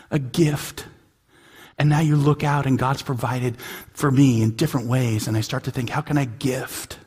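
A man with a husky voice delivers a sermon as pastor. He swings from hushed, almost whispered lines up to loud emphatic peaks. He often repeats and restarts words as he presses a point. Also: mid-range voice, moderate pace.

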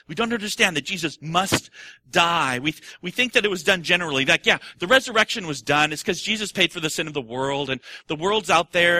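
A middle-aged man preaching a sermon as pastor, full of rhetorical questions and acted-out quotes, swinging from quiet musing to shouted excitement. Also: a little high, no echo.

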